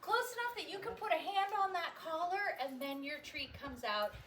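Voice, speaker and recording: Very high, lively woman dog trainer. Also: moderate pace. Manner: upbeat, lively, cheering praise to the dog. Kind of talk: instructional demo. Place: outdoors during dog training. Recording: outdoor, distant, echoey, noisy.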